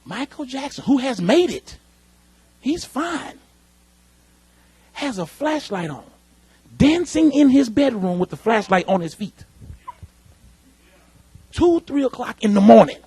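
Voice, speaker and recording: Male pastor, animated sermon delivery, high and husky. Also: slow, pauses often, no room sound. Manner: animated preaching, calls out to the congregation. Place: church sanctuary.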